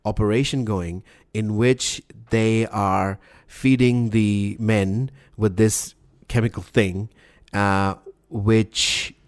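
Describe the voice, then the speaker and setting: A man's voice: lowish voice, steady tone, slow pace, hardly any pauses. A man co-hosting a podcast in casual chat, talking hesitantly with many restarts. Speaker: podcast co-host.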